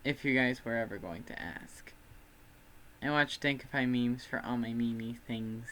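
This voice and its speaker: A man's voice: medium pitch, fairly even intonation, a little slow, pushed and bright, a little hiss or hum. A young man from Texas with a Texan accent, chatting casually on a livestream in a rambling, self-deprecating way. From Texas, USA. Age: student.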